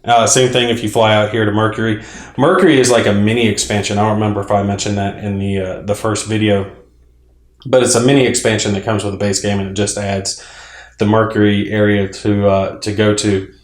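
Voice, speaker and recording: A man casually explaining his moves in a tabletop space game, rambling with fillers and clearing his throat now and then. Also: on the low side, little pitch movement, fairly quick, echoey room. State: clearing throat, a little choked up. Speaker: board game player and channel host.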